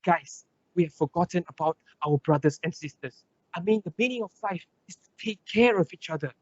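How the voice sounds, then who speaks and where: Brief: young male debater, husky mellow voice, fervent rhetorical delivery, dull lo-fi dry sound. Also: sits high, animated, a little fast, dry recording. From Malaysia. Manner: impassioned, rhetorical, builds in lists and repetition. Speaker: student debater. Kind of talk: competitive debate speech.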